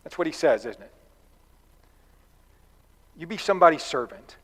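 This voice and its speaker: In a church hall with long reverb, a man delivers a sermon in a folksy, conversational style, full of asides and a fable he tells. His voice is a little high, expressive and fairly bright, at normal speed.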